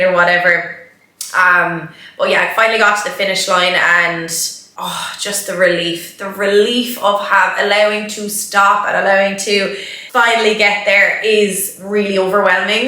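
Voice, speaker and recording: A young woman reflects on a tough run in a candid, emotional way, her speech full of little fillers. Her voice is bright and a bit sharp. The sound bounces around a very echoey room. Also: medium pitch. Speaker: vlogger, marathon runner. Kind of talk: reflective vlog talk.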